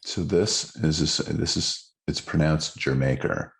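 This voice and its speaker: A middle-aged man with an extremely low, gravelly voice co-hosts a casual music podcast. He talks in an animated, storytelling way, full of restarts and asides. He has plenty of trivia and clearly enjoys sharing it. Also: unhurried. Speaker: podcast co-host.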